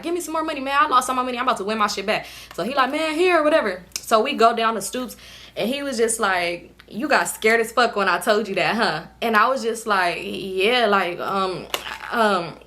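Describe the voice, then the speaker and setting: A young woman vlogger casually telling viewers a storytime, animated and slangy, indoors at home under a ring light. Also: mid-range voice.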